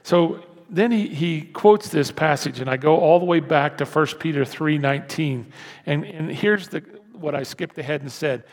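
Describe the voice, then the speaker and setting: A man preaching a sermon as pastor, talking conversationally and swinging from hushed asides to loud emphatic lines. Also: on the high side, normal speed. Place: church sanctuary. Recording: echoey church hall.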